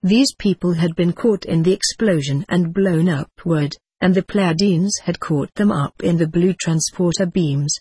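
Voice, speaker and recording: A narrator telling a first-person story in a measured, steady audiobook reading. The voice is husky and mid-pitched. The recording is dry and close. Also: no echo.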